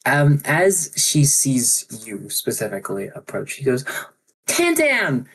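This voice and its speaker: A man narrating as game master of a tabletop game online, halting often with ums and restarts. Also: mid-range voice, animated, husky, rough recording. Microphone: online voice chat microphone.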